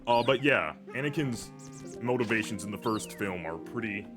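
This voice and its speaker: Young male streamer, low-pitched and rambling, loose filler-heavy commentary, game music playing underneath. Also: lively intonation, normal speed. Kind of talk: casual gameplay commentary.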